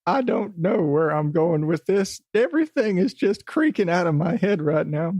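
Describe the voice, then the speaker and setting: A man's voice: sits high, moderate pace, no echo, pitched above the performer's own voice, lightly acted. A man doing a theatrical Scottish-ish brogue. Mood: manic. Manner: brogue-tinged, theatrical, rambling. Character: gruff Scottish-ish male character voice.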